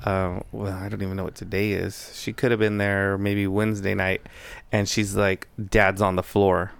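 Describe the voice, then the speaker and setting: Low-voiced man telling a story. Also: moderate pace, vocal fry, smooth, no room sound. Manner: animated storyteller, acts out quoted dialogue. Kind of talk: casual conversation.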